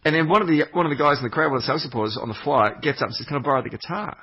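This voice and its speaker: A man's voice: fairly high pitch, rapid-fire, husky. A man telling a meandering, sweary travel story on a podcast, with lots of fillers and restarts. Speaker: podcast regular. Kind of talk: rambling anecdotal chat. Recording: muffled lo-fi podcast audio.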